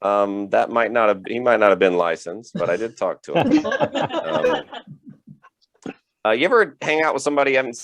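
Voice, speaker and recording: A man's voice: on the low side, very animated, moderate pace, long pauses, a crowd in the background. A man doing a rambling stand-up comedy set, chuckling through his own punchlines. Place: home setup for a virtual show.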